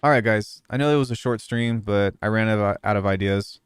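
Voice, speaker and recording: A young man chatting casually on a live stream as a music producer, relaxed and rambling with lots of fillers. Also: fairly low pitch, fairly quick, smooth, dry recording, clean studio sound.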